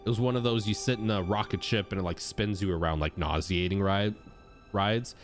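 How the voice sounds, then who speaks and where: A young man chatting casually as he streams a game, thanking subscribers and reacting out loud. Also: on the low side, a little fast. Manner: animated, chatty, shouts out subscribers. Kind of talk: casual gameplay commentary. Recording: game music playing behind.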